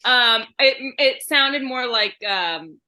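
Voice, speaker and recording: A bubbly woman hosts a casual podcast chat, laughing often and restarting her sentences. Her voice is bright and sits a little high. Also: expressive, slow. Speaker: podcast host.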